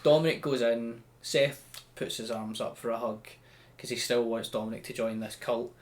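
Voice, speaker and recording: Scottish guy on a podcast, loose jokey recap, stops and restarts a lot, pretty average pitch. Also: steady tone, normal speed. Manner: chatty, loose and joking, with many restarts. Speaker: podcast host. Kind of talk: casual podcast chat recapping a show.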